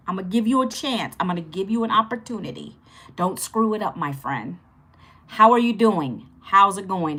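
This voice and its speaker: Her mid-range voice has a fairly bright tone. She's in her fifties, hosting a chatty, cheerful livestream about online income, saying hello to viewers and repeating phrases as she teaches.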